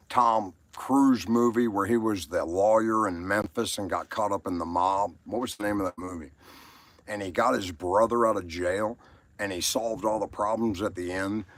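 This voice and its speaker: A man's voice: lowish voice, dry recording. A man with a Southern American accent, chatting crudely and rambling through stories on a live stream. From Southern United States. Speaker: livestream host.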